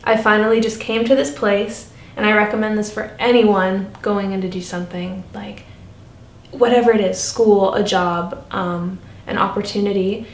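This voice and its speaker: A woman's voice: flat delivery, normal speed. Earnest chatty young woman in an echoey room. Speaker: vlogger. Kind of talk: casual personal vlog storytelling. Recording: echoey room, faint rumble.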